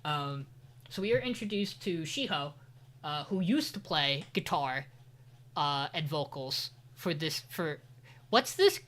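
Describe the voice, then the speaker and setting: A man's voice: on the high side, animated, takes it slowly, fairly bright tone. A man co-hosting a podcast, recapping an anime in casual chat with rambling, profane, sarcastic asides. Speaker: podcast co-host.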